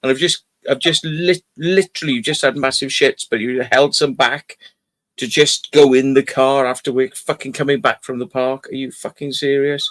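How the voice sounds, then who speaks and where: A man's voice: medium pitch, steady tone, normal speed. A man telling a casual story, swearing and acting out exasperated quoted remarks. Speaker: host. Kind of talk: casual chat.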